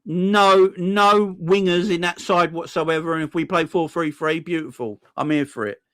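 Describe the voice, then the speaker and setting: A man's voice: fairly high pitch, steady tone, normal speed, bright, forceful tone, dry recording. A man hosting a football fan channel, ranting sarcastically and repeating himself, with frequent swearing.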